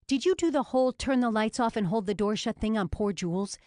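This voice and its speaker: A woman's voice: fairly high pitch, a little fast, dark tone, dry recording, clean studio sound, voice pushed up, natural voice. A woman voicing a caring but bossy young coworker in an audiobook, firm and concerned. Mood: scolding.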